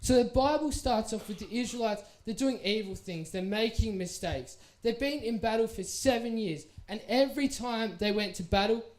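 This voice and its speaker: A young Australian man giving a casual talk to a youth group, telling a story in a lively, playful way and acting out the people in it. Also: high-pitched, normal speed, hardly any pauses. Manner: animated, playful, acts out the people in his story. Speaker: youth speaker.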